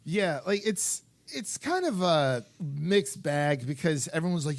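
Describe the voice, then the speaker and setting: A young man co-hosting a film podcast, talking in an animated, rambling way with lots of restarts and fillers. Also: fairly high pitch, unhurried, dry recording. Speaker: podcast co-host. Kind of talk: casual chat.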